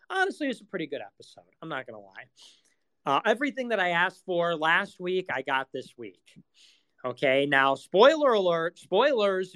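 Ranting, profane man with a lively high voice. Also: clean tone, low-quality recording. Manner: mocks others in high whiny voices. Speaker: streamer hosting live audio spaces. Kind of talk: casual monologue.

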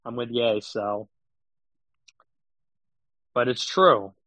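A man's voice: medium pitch, drawn-out words, bright, forceful tone, dry recording. A man streaming political commentary, talking in a sarcastic, mocking, casual rant. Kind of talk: casual ranting monologue.

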